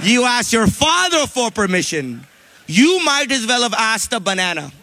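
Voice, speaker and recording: A man's voice: very high-pitched, big pitch swings, moderate pace, a loud crowd, pitched above the performer's own voice, exaggerated voice. A comedian playing his fierce, bossy mother, who swoops in demanding answers, in a noisy stand-up clip. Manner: sharp, demanding interrogation.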